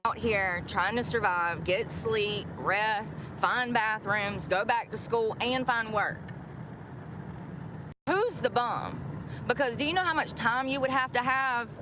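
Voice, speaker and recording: A woman livestreaming from her car, venting bluntly and swearing in a rambling way. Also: fairly high pitch. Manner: blunt, profane, fast venting. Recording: noisy car livestream on a phone. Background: car and road noise.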